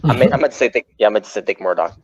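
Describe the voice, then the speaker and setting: A man's voice: lowish voice, lively intonation, very fast. A man hosting a casual wrestling chat podcast, rambling and often correcting himself mid-sentence. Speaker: podcast host. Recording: muffled lo-fi audio.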